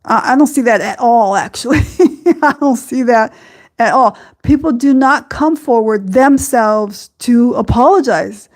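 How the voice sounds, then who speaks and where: A woman hosts a podcast with a reflective spiritual talk. Her voice sits a little high, and she speaks very slowly. She keeps pausing with ums and you-knows as she gathers her thoughts. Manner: slow, halting, many ums and you-knows. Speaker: podcast host.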